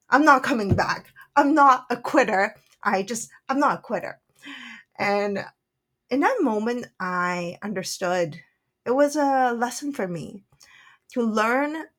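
Slow-speaking earnest woman storyteller. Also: a little high. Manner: soft and earnest, with frequent "like" fillers. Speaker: spiritual channeler and author. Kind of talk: personal reflective storytelling.

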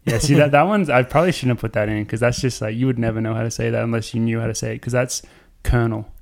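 Man, podcast host, relaxed, chatty, middle pitch, casual talk. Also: very fast, gravelly. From English-speaking country. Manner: relaxed, chatty, laughs along. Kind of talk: casual chat.

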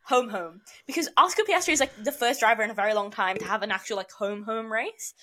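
A woman's voice: on the high side, quick pace, bright, forceful tone. A woman from Australia co-hosting a podcast in casual chat, gushing and slangy. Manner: gushing and slangy, calls things iconic. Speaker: podcast co-host.

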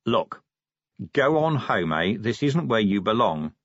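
Tired, blunt watch commander, middle-aged, a little husky, as read by a male narrator; lively pitch. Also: unhurried, dry recording, muffled recording, exaggerated voice. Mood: dry, weary. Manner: dry, blunt and weary. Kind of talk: audiobook character voice.

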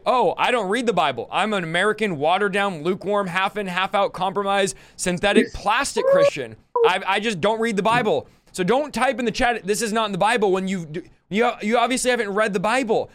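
A podcast host with a high-pitched, fairly bright voice delivers a fiery preaching monologue. His style is rowdy and emphatic, and he rattles off scripture references in rhythmic lists.

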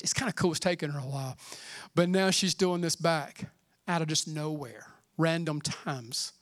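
A middle-aged man preaching a sermon in a fervent, conversational way, often dropping to a hushed near-whisper. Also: on the high side, normal speed, no room sound, studio quality. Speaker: pastor.

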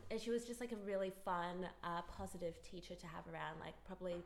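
A woman's voice: fairly low pitch, fast talker, over a noisy crowd. A young Australian woman co-hosting a casual podcast chat, telling rambling stories between frequent giggles. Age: young adult. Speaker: podcast co-host.

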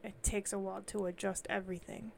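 Animated young woman telling kid stories. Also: mid-range voice, quick pace, creaky, a little hiss or hum. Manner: lively, animated retelling of kid stories, many fillers. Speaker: podcast co-host. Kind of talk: casual chat.

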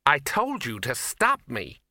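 A man's voice: mid-range voice, huge pitch swings, takes it slowly, bright, forceful tone, no room sound, studio quality, exaggerated voice. A man reading aloud and voicing a confused, frightened young woman in an audiobook. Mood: uneasy. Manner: uncertain, small voice.

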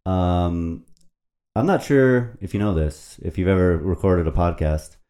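Low, mellow-voiced man, podcast host, rambling and crude, close mic. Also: a little slow. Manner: rambling, profane and playful. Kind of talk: casual podcast chat and poetry reading. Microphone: podcast microphone at a computer.

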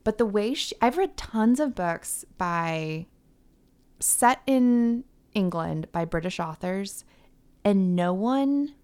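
A woman's voice: mid-range voice, lively intonation, takes it slowly, darkish tone. A woman from Florida co-hosting a book podcast, chatting casually and rambling with restarts. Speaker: podcast co-host. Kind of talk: casual chat.

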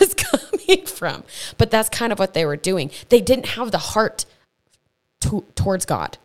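A woman hosting a faith podcast, teaching in a chatty, earnest way, with stumbles and quick asides. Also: medium pitch, sing-song. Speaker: podcast host. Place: home podcast setup.

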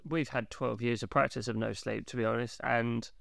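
A man in his thirties with a gravelly, rough edge to his voice talks loosely on a podcast, peppering stories with swearing and laughter. The sound is dry and close, with no room around it. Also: medium pitch, fairly even intonation, moderate pace, a bit bright, no room sound. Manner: swears freely, laughs while retelling scenes. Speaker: podcast co-host. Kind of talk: casual chat.

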